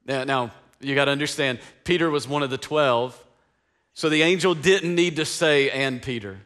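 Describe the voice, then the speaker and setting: A man's voice: mid-range voice, normal speed, a bit bright. A male pastor from East Tennessee, preaching an Easter sermon with passion and call-and-response. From East Tennessee, USA.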